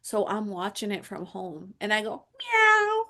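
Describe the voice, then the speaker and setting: A woman's voice: medium pitch, fairly even intonation, moderate pace. A young woman co-hosting a podcast, telling a salon story in casual chat with playful meowing and quoted voices. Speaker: podcast co-host.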